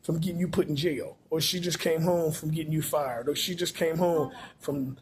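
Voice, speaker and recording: A man's voice: fairly high pitch, fairly even intonation, normal speed, slight background noise. A man, delivering a rambling, profane, preachy monologue full of repetition.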